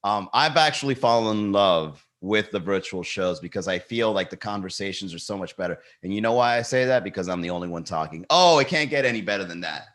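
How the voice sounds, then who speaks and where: A man hosting a comedy podcast, telling a story in a casual, animated rant, swearing freely and joking with the live chat. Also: on the low side, brisk. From Miami. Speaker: podcast host.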